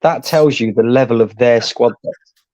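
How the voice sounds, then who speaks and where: A man calmly arguing a point about his football club's squad in casual chat. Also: mid-range voice, normal speed, dry recording. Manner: calm, explanatory, argumentative. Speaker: co-host, football fan.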